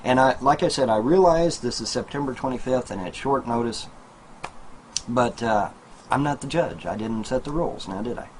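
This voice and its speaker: A man's voice: medium pitch, normal speed, a little hiss or hum, rough recording. A man talking casually to a webcam at home in a small trailer, rambling and repeating himself, with many fillers and asides to his viewers. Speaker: video blogger. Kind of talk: casual monologue to camera.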